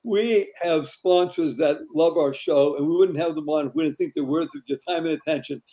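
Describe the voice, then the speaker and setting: A man's voice: on the high side, normal speed, mellow. A man hosting a podcast, asking questions and reading the ad breaks with enthusiasm. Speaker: podcast host. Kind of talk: casual interview talk.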